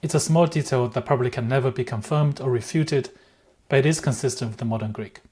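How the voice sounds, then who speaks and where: A man giving an explanatory language lesson in a measured, careful way, pausing to demonstrate the pronunciation of words. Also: medium pitch, darkish tone, husky. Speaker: language teacher.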